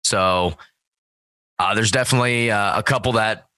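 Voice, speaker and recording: A man talks casually, telling a story peppered with swearing and with "dude" and "bro" at the ends of his lines. His voice is bright, with a crisp edge. The sound is dry and close, with no room echo. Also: fairly low pitch, normal speed. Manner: profane, storytelling, acts out quoted voices loudly. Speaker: guest. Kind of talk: casual chat.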